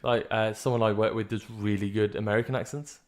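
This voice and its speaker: A man's voice: on the low side, fairly even intonation, brisk. A young man with a West Midlands accent, co-hosting a casual podcast chat, jokey and chatty, often trailing off. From West Midlands, England. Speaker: podcast co-host.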